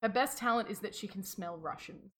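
A woman co-hosting a podcast, telling a folklore story in a giggly, animated casual chat. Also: mid-range voice, fairly quick. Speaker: podcast co-host.

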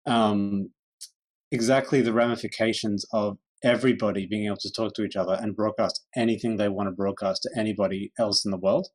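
Joking podcast co-host. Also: male voice, fairly low pitch, steady tone, a little fast, low-quality recording. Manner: joking, teasing. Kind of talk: casual chat.

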